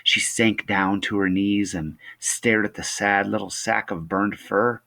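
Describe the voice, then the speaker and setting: A teacher reading a novel chapter aloud to his class in steady narration. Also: on the low side, a little slow, gravelly.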